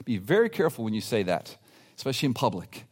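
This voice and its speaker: A man preaching a sermon as pastor, emphatic and animated, with playful asides to the congregation. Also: mid-range voice, fast, slightly rough. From grew up in a city.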